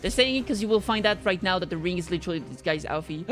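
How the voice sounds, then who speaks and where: A woman streamer chatting playfully over gameplay, making silly noises and swearing in excited bursts. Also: mid-range voice, fast talker, few pauses, soft background music. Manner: playful, silly mouth noises and sing-song bits; swears freely in excited outbursts. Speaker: streamer playing a game. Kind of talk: casual gameplay commentary.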